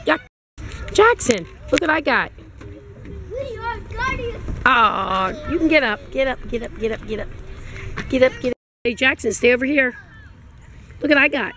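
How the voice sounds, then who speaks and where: A woman's voice: high-pitched, expressive, unhurried, pauses often, pushed and bright, slight background noise. A mother filming her toddler outdoors at a playground, coaxing him along in sing-song baby talk. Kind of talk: home video chat.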